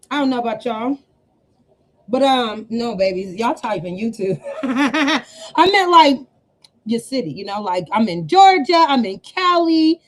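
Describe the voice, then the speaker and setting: A woman business coach hosting a casual livestream, chatty and familiar, calling her viewers y'all and honey. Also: sits high. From US West Coast. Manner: chatty, warm slang, laughs often, addresses viewers as y'all and honey. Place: home room. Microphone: webcam setup with two cameras.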